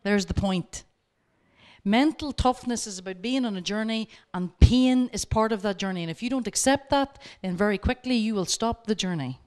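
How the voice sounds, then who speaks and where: A woman speaking at a workshop, telling lively stories and coaching her audience directly. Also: mid-range voice, moderate pace. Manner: lively anecdotes, acting out both sides of the dialogue. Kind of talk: storytelling lecture.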